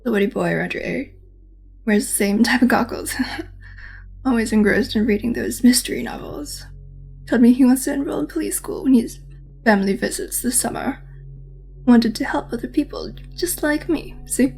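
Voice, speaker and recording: A woman voicing a weary, suspicious male police officer with a Russian accent, asking slow, probing questions. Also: a little high, vocal fry, darkish tone, faint music behind.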